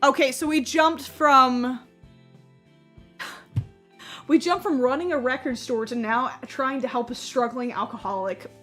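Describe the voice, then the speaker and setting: Casting: a chatty young woman playing a game, high-pitched and rambly, with faint game music behind. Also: slow, long pauses, fairly bright tone. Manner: chatty, rambling, full of fillers. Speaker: gaming YouTuber. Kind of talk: casual game commentary.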